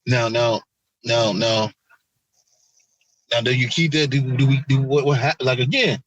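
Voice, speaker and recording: Guy cohosting a podcast, cussing a lot, animated, husky voice, kinda muffled dry mic. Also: mid-range voice, a little slow, dry recording. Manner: animated, profane, acts out quotes. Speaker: podcast co-host. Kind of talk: casual chat.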